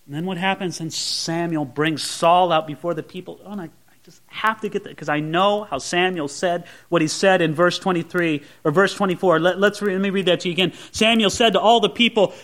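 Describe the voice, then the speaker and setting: A male pastor with a high-pitched voice preaches a sermon. He is animated and acts out the scenes, slipping into different voices as he goes. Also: moderate pace.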